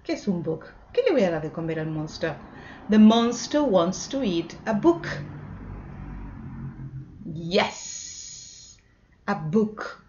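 Woman, English teacher for kids, slow sing-song delivery, mid pitch, muffled lo-fi recording. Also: big pitch swings, warm tone. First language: Spanish. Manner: sing-song, mixing Spanish and English, drawn-out repetitions. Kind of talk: children's English lesson. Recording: dull lo-fi recording.

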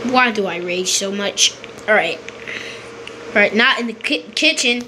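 A woman giving casual, rambling game commentary, excitable and repeating her pleas over and over. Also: a little high, normal speed, background noise. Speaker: gameplay commentator.

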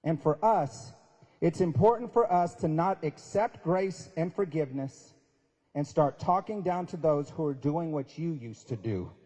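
A man's voice: a little high, measured pace, warm tone. Emphatic male speaker in a reverberant hall. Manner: emphatic, preachy with folksy humor. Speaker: guest speaker. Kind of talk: sermon-style speech at a prayer breakfast. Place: large event hall at a university.

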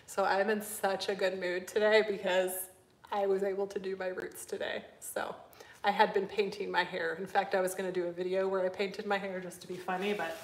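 A middle-aged woman hosting a live stream, chatting with her viewers in a fast, bubbly way and running out of breath. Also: mid-range voice, flat delivery. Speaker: host. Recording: echoey room.

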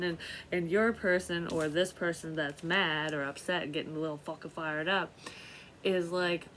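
A woman's voice: on the low side, steady tone, moderate pace, a bit bright, slight background noise. A middle-aged woman giving a casual, rambling tarot reading, swearing freely and laughing at herself. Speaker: tarot reader.

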